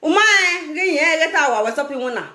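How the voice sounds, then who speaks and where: A Nigerian woman with a high, sharply rising and falling voice runs a live stream. She scolds and laughs often as she talks. The sound is roomy and echoing. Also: animated, brisk, sharp tone. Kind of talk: casual live-stream commentary.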